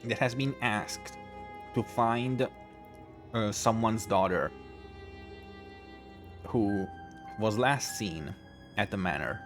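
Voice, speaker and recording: A man streaming a video game, talking casually in a halting way with many restarts. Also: on the low side. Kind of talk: casual gameplay commentary. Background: faint game music.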